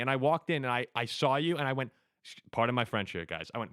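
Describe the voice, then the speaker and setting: A man's voice: mid-range voice, lively intonation, fast talker, fairly bright tone, smooth, no room sound, clean studio sound. A man hosting a sports talk show, telling stories animatedly and laughing often. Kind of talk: casual sports chat.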